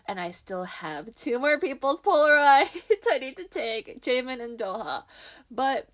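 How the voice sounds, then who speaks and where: A young woman vlogger telling a casual storytime, animated and self-deprecating, acting out quotes with laughs. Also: fairly high pitch, moderate pace.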